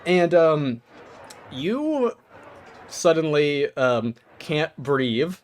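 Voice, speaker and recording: A man's voice: fairly high pitch, lively intonation, normal speed. A man running a tabletop game as game master. He laughs often and talks with many ums and likes.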